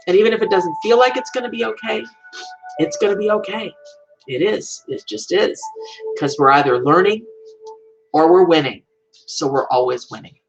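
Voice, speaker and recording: A woman hosting a live stream, speaking in a gentle, soothing and repetitive way while emotional. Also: fairly low pitch, animated, moderate pace, pauses often, dull audio, soft background music. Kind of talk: heartfelt live-stream message.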